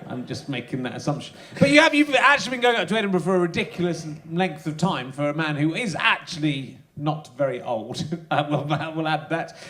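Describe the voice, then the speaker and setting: A man's voice: on the high side, expressive, a little fast, few pauses, fairly bright tone. A man hosting a comedy podcast interview, teasing his guest in a dry, laughing way. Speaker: podcast host. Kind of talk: casual interview chat.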